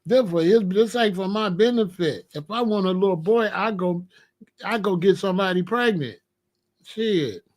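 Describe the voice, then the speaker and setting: A man's voice: sits high, moderate pace. An older man, a grandfather, talking casually to camera in a profane, taunting rant, laughing often and asking "you know what I'm saying?". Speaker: vlogger scolding his grandson.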